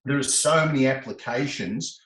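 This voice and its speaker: A man speaks as a guest in an interview, and his voice carries a roomy echo. He tells stories with energy and acts out the other people in his anecdotes with lively shifts in pitch. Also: moderate pace. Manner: expressive, acts out quoted exchanges with rising pitch. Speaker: laughter specialist guest. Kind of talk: animated conversational storytelling.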